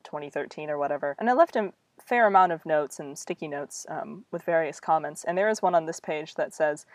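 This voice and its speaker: A young woman with a low, brisk voice reads one of her own old stories aloud on a dry recording. She keeps breaking off to add wry, self-mocking commentary in a casual way.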